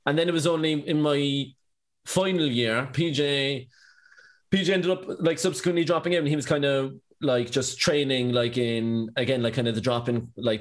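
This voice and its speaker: This is a young Irish man chatting as a podcast guest. He talks at an ordinary middle pitch and spins a meandering story, padding it with fillers as he goes. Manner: rambling, filler-heavy anecdotes with lots of "like". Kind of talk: casual storytelling chat.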